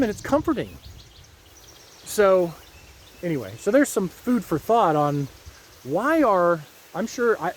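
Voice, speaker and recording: A man's voice: high-pitched, slight background noise. Rambling man vlogging outdoors. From Ohio. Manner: rambling, folksy, preachy asides. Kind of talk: casual monologue.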